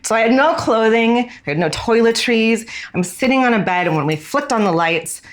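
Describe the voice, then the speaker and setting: A woman in her forties from the United States, a fashion designer, telling a personal story in a candid, reflective way that often slows down on key words. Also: fairly high pitch, expressive.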